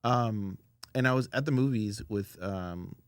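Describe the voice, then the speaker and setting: A man, a guest in an interview, telling relaxed anecdotes full of fillers in casual conversation. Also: fairly low pitch, unhurried, dry recording, studio quality. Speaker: audio engineer guest.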